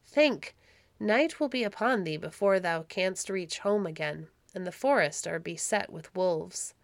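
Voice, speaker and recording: A woman reading aloud, voicing a gentle, patient old abbot in a storybook. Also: lowish voice, normal speed, gravelly, no room sound. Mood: gentle, pleading.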